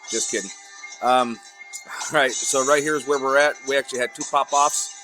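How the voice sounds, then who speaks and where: A man's voice: medium pitch, steady tone, moderate pace, rough recording. A man from the United States with a Southern American accent, hosting a vlog in a rambling, chatty way with many asides. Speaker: vlog host. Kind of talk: casual commentary on a screen share. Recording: talking over loud music.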